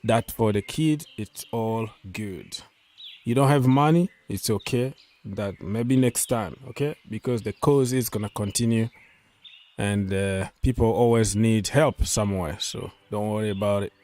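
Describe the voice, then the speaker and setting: A man's voice: lowish voice, unhurried, darkish tone. Chatty man hosting a football live stream. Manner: chatty, loose, repeats himself and reads out viewer comments. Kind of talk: casual live-stream chat.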